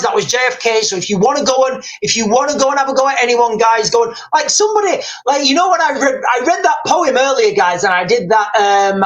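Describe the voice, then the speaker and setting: A man's voice: very high voice, a bit bright, rough recording. Guy on a live stream, rambly, keeps saying guys, reads out chat. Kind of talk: casual live stream commentary.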